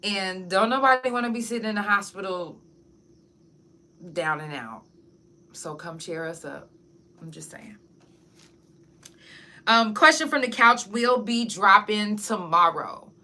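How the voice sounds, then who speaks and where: A woman hosts her podcast in a casual, unfiltered chat, speaking right to her audience. Her voice is bright and forward, at a middle pitch for a woman. She talks bluntly and curses freely. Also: lively intonation, a little slow, long pauses. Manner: frank, chatty and profane. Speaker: podcast host; singer.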